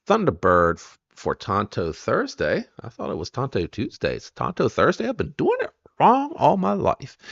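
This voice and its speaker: Gravelly low-voiced man chatting on stream. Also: a bit bright, no echo, muffled recording. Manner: rambling, chatty, greets viewers by name. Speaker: live stream host. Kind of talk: casual live-stream chat.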